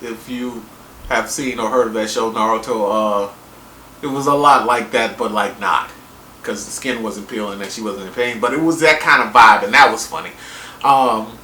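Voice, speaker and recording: A man's voice: moderate pace, sharp tone. Rambling, jokey young man in an echoey room. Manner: offhand, jokey, rambling with fillers and wild pitch swings. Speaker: TV episode reviewer. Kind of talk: casual vlog review. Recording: echoey room with faint background hiss.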